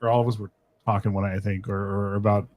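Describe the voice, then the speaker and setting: A man in a casual podcast conversation, mid-pitched and halting, often restarting his sentences. The recording is dry and close. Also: little pitch movement, dry recording, dull audio. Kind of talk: casual chat.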